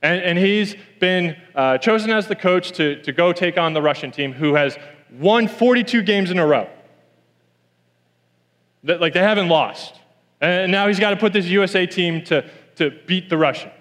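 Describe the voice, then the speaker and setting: A man's voice: sits high, normal speed, a bit bright, in a large hall. A man preaching a sermon in a church, telling a story and repeating key lines for emphasis.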